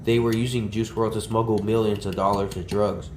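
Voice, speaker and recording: A man's voice: on the low side, flat delivery, brisk, darkish tone, slight background noise. A man livestreaming outdoors, ranting in a rambling, agitated and profane way. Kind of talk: ranting IRL stream talk. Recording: roomy, from the mic, faint ambience.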